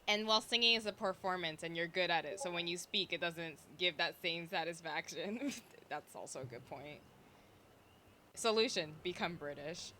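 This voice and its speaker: A young woman streamer in casual chat, rambling with lots of fillers and a slight vocal fry. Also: on the low side, sharp tone, a little hiss or hum. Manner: chatty, rambling with fillers and self-interruptions.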